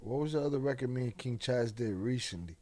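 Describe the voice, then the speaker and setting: A man hosting a casual late-night livestream, laid-back and slang-heavy, reading chat and giving shout-outs. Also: medium pitch, quick pace. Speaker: livestream host.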